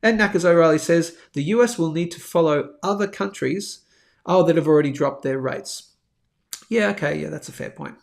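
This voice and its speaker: A man hosts a live stream, walking through price charts as he talks. His voice sits fairly high and carries a gravelly, fried edge. He rambles and thinks aloud, filling gaps with loose asides. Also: normal speed. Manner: chatty, thinks aloud, many fillers. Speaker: host of a live bullion market show.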